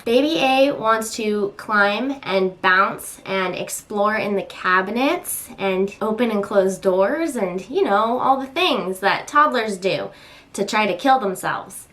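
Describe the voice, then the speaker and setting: A young woman vlogging as a mom, chatting casually and venting with exasperation, popping into high squeals when she acts out voices. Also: expressive, slow pace, fairly bright tone.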